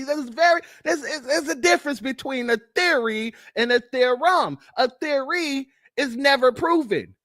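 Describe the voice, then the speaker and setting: A man's voice: very high-pitched, bright, forceful tone, dry recording, studio quality. A man hosting political commentary, blunt and mocking, firing off rhetorical questions. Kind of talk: ranting commentary on news clips.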